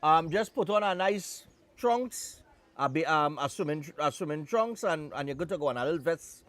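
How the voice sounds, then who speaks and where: A man's voice: fairly high pitch, animated, moderate pace, a bit bright. A man with a Trinidadian accent, hosting a live morning TV show in a chatty, joking way with loose Caribbean phrasing. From Trinidad and Tobago. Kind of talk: casual on-air chat.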